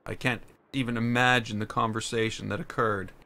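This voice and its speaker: A man's voice: lowish voice, level tone, brisk, gravelly, bright, forceful tone, a little hiss or hum. A man streaming a building game live, complaining and ranting as he plays, with keyboard typing behind him.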